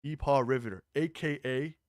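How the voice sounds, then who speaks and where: A man hosting a casual live-stream commentary, excitable and mocking, swearing freely. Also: medium pitch, normal speed, dry recording, clean studio sound.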